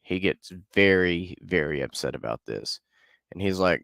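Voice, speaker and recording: A man's voice: low voice, expressive, unhurried, gravelly, a bit bright, no echo, clean studio sound. A man casually retelling a folk tale as a podcast host, loose and conversational with frequent fillers. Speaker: podcast storyteller. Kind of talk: casual storytelling.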